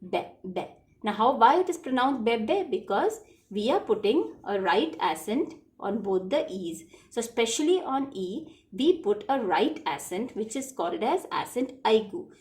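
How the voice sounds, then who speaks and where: A woman's voice: fairly high pitch, very animated, normal speed, a little mellow. A woman, teaching French to children in a patient lesson, repeating each word.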